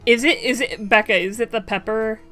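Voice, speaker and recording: A woman's voice: a little high, fairly even intonation, brisk, sharp tone, faint music behind. A young woman streamer chatting and laughing playfully while reading game lines aloud. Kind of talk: casual chat while playing a game.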